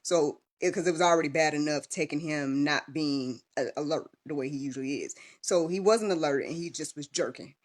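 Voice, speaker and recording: A woman's voice: low voice, a little fast, hardly any pauses. Chatty young mother telling a story. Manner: chatty, many fillers and restarts. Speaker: vlogger and podcast host. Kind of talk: casual livestream storytelling.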